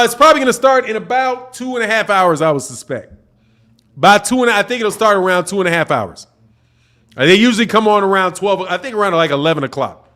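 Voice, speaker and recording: A man's voice: high voice, a bit bright. A man from Chicago with a Chicago accent, hosting a casual livestream, chatting with viewers and commenting on a boxing fight in a loose, slangy way. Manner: laid-back slangy talk, reading out chat messages. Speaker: livestream host.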